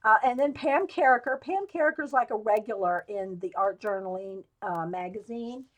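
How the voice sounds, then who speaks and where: A woman's voice: fairly high pitch, normal speed, fairly bright tone. A woman, hosting a casual live chat and telling rambling, digressive stories with lots of laughter. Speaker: live stream host.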